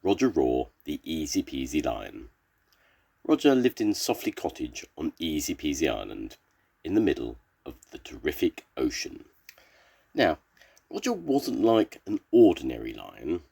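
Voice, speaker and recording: An older man, a grandfather, reading a children's story aloud in a slow, expressive storybook way. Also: very deep voice, creaky, slightly rough.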